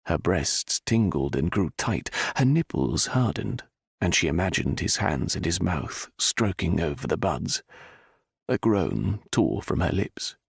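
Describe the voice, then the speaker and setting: A man narrating a romance audiobook in an expressive, scripted style. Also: low-pitched, unhurried, gravelly, slightly rough, dry recording, clean studio sound.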